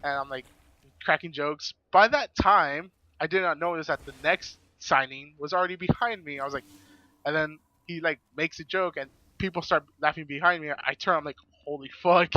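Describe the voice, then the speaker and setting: Bright-voiced man telling a rambling story. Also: fairly high pitch, moderate pace, no echo, highs cut off. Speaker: podcast guest. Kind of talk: casual chat.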